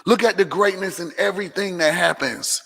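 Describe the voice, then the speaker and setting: Preachy man with a gravelly, bright voice. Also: high voice, brisk. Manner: preachy, repeats phrases for emphasis. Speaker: motivational vlogger hosting a Q&A. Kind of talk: casual motivational talk. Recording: long hall reverb.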